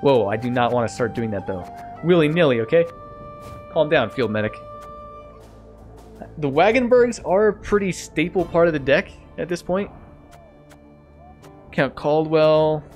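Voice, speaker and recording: A man streaming a video game, thinking aloud in a casual, self-mocking way and getting easily excited. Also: a little high, moderate pace, soft background music. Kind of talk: casual let's-play commentary.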